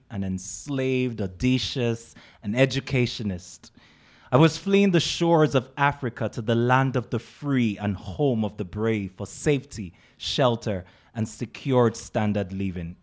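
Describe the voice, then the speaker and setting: A man from Calabar with a Nigerian accent, performing spoken-word poetry with dramatic emphasis and rhythmic repetition. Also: medium pitch.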